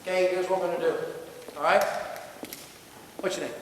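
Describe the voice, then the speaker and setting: A man's voice: sits high, a little fast, a little hiss or hum. A motivational speaker, a man, firing questions at his audience in a punchy call-and-response style and teasing them along. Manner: energetic call-and-response with the crowd. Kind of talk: motivational speech to staff. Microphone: distant from the recording mic. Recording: distant, echoey hall with faint ambience.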